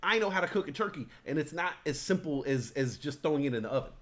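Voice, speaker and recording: Excitable, profane man, a bit high. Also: fast talker. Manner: live stream talk. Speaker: talk show host. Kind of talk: casual chat.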